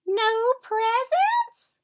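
A woman voicing a small, eager male mouse in a storybook, with a squeaky, excited way of talking. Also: very slow, heavily acted.

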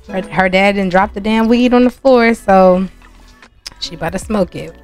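A woman gives casual, chatty commentary on her gameplay and speaks straight to her viewers. She laughs often and her voice sits in a plain middle pitch. Faint music plays underneath. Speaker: gaming channel host. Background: soft music.

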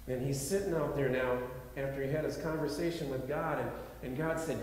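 A man pastor preaching a sermon in an earnest way, repeating phrases and shifting between loud appeals and quiet reflection, in a large church sanctuary. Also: on the high side, a little fast, hardly any pauses. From United States. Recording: echoey hall, faint background noise.

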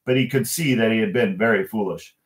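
A man reading a children's story aloud in a gentle manner, pausing to ask his young listeners questions. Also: lowish voice. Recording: echoey room.

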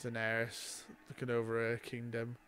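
A man doing live reaction commentary, talking back at the screen and swinging between low mutters and excited shouts. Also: moderate pace, a little hiss or hum. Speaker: reaction video host.

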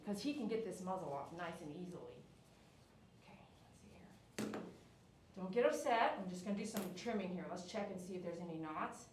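A woman's voice: medium pitch, distant mic, slight background noise. A woman grooming a dog on a live stream, cooing praise and giving firm commands to the dog. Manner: soothing dog talk mixed with firm commands. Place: grooming salon. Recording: echoey room, mic set back.

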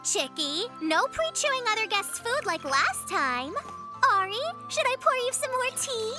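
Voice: very animated, measured pace, heavily acted. A sweet little girl bear. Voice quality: very high, sing-song cartoon voice. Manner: gushing and affectionate. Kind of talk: cartoon voice acting. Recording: cartoon soundtrack with loud music.

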